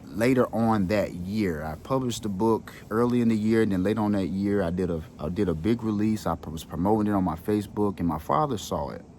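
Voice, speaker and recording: A man's voice: lowish voice, fairly quick, hardly any pauses, darkish tone, a little hiss or hum. A man with children telling an emotional personal story in a casual, earnest way, sprinkled with street slang. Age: adult with children. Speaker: wellness channel host.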